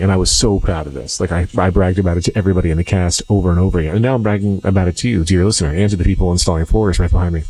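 A man's voice: low voice, fast talker, warm tone. A middle-aged man hosting a casual solo diary podcast from his home office, rambling in a wry, self-mocking way with plenty of uh fillers. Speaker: podcast host.

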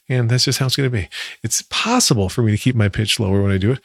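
A man's voice: mid-range voice, fast, no echo, clean studio sound. A man giving a casual personal update, chatty and wry, laughing now and then. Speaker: vlogger.

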